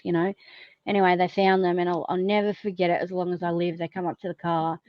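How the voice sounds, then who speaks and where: A woman's voice: medium pitch, dry recording, highs cut off. A woman, a podcast guest frankly telling her own story with lots of fillers and swearing. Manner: frank and blunt, swears freely, many fillers. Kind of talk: candid personal storytelling.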